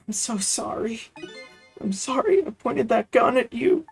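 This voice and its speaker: A man's voice: very high-pitched, expressive, measured pace, vocal fry, faint music behind, pitched above the performer's own voice, heavily acted. A man voicing a sweet, cheerful little girl in a game read-through, speaking in a chirpy, childlike way.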